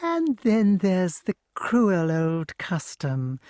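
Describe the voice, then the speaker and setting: A man's voice: high voice, wildly swooping pitch, drawn-out words, a little mellow, no room sound, studio quality, voice pushed up, heavily acted. A man voicing a cruel, greedy old witch in an audiobook, drawing out her words with relish in a sing-song way. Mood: gloating. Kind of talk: audiobook character voice.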